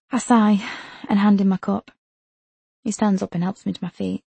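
A woman reading a first-person novel aloud as an audiobook narrator, in a measured, tense storytelling manner. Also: mid-range voice, steady tone, gravelly, warm tone, breathy edge, no echo.

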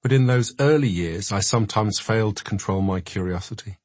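A man reads a memoir aloud in a measured, reflective way, his voice low and a little husky. The recording is dry and close, like a studio booth. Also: a little mellow, no room sound. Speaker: narrator. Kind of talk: memoir audiobook narration.

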